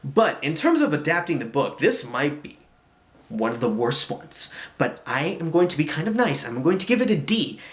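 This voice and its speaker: A man ranting through a casual movie review, his pitch swinging wide from low grumbles to sudden high outbursts. He talks in an animated, exasperated way, stumbling over restarts and repeated words when he gets worked up. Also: normal speed.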